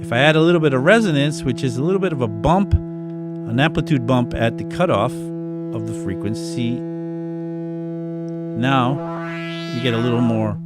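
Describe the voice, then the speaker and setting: A man teaching music production in a relaxed, casual demonstration, thinking aloud with frequent restarts. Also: mid-range voice, normal speed, pauses often. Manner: reads chat comments aloud. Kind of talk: casual live-stream demonstration. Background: synthesizer tones.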